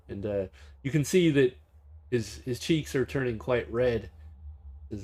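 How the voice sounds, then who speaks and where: A man running a tabletop game as game master, describing scenes casually with many pauses. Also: medium pitch, lively intonation.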